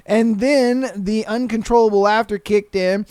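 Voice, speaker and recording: A man hosting a podcast, reading out listener stories and cracking up at them. His voice is smooth and clear, recorded close and dry with no room sound. He talks in loose, profane slang and keeps slipping into quick impressions of the people in the stories. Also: high voice, steady tone, darkish tone, no room sound. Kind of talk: casual podcast commentary.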